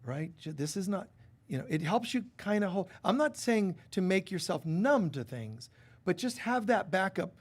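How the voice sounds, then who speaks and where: A man giving a lively spiritual sermon at a church service, often acting out quoted voices. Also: sits high, moderate pace. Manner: animated, acts out quoted voices. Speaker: spiritual teacher. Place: church hall.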